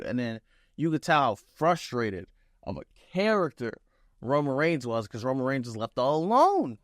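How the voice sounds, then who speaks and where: A young man giving a casual, excited wrestling show recap, acting out quotes with loose swearing. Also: mid-range voice, moderate pace, no room sound, studio quality.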